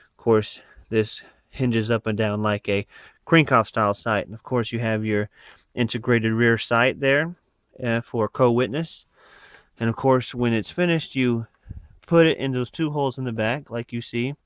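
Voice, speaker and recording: A man's voice: mid-range voice, fairly even intonation, measured pace, clean tone, no room sound, clean studio sound. A man casually showing off his rifle add-ons, rambling with lots of fillers, filmed on a phone. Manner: rambling, many fillers and asides. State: out of breath. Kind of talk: casual show-and-tell. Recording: phone recording.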